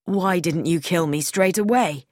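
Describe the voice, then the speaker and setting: A woman's voice: lowish voice, measured pace, darkish tone, no room sound, clean studio sound, close to an everyday voice. A woman voicing a captured older man, wry and indignant, in an audiobook reading.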